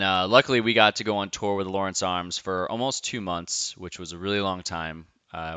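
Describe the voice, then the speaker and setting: A man's voice: low-pitched, pushed and bright, clear, resonant tone, no echo. A man hosting a podcast, talking loosely and enthusiastically, with casual swearing and rambling asides. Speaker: podcast host. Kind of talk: casual podcast intro monologue.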